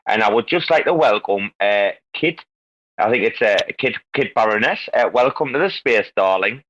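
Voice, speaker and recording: A man's voice: on the low side, expressive, normal speed, fairly bright tone, lo-fi sound. A man hosting a casual live audio chat, joking and swearing, calling guests darling. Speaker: host.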